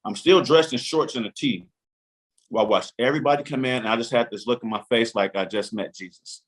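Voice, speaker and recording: A man's voice: medium pitch, brisk. A man in his forties telling a long story as a podcast guest, acting out his own inner voice and the lines of others. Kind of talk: animated storytelling.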